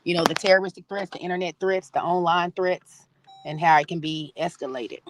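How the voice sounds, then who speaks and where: A woman's voice: fairly low pitch, steady tone, brisk. A woman joining a live stream as a guest, explaining things in a matter-of-fact way. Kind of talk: casual live-stream chat.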